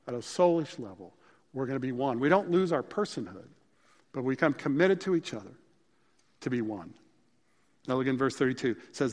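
A male pastor preaching a sermon in a conversational, emphatic way that mixes scripture with stories. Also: medium pitch. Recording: long hall reverb.

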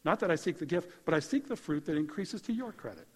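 A pastor preaching a sermon in a conversational, animated way, building to emphatic peaks. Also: male voice, a little high, fast, husky. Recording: hall reverb.

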